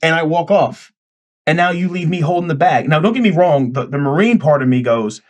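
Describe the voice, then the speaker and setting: A man's voice: on the high side, brisk. Profane, emphatic man on a podcast. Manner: profane, emphatic storytelling with animated quoted asides. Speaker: podcast host. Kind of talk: casual podcast chat.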